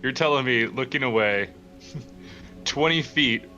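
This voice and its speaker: A man's voice: medium pitch, measured pace, pushed and bright, highs cut off, faint music behind. A man running a tabletop roleplaying game as dungeon master, casual and dryly teasing, often laughing.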